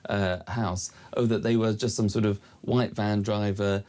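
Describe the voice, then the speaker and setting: Hesitant, measured male co-presenter. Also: on the low side, little pitch movement, darkish tone. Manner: measured, hesitant, many fillers and restarts. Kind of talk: studio radio chat.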